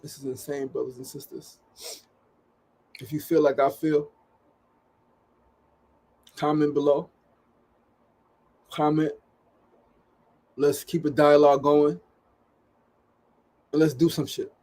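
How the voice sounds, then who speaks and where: A man's voice: a little high, little pitch movement, slow, long pauses, warm tone. A man hosting a daily live show, talking in an urgent, pleading way to his viewers, swearing often and repeating phrases for emphasis. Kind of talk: impassioned livestream monologue. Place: studio.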